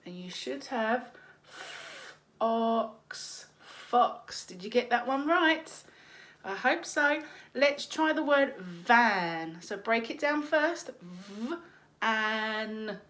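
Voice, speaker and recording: A woman teacher leading a phonics lesson for young children, slowly sounding out letters and praising them. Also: on the high side, lively intonation, fairly bright tone. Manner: slow, encouraging, sounds out letters.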